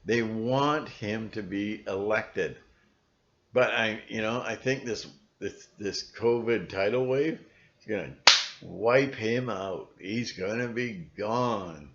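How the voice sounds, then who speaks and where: On his own video channel, a video blogger delivers a rambling, sardonic rant full of restarts. His voice is lowish and slow, captured in a dull lo-fi recording.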